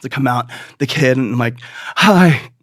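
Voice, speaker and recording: A man hosting a comedy podcast, telling a rambling, profane story and jumping into squeaky voices for the people he quotes. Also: level tone, brisk, no echo. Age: adult. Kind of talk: comic storytelling monologue.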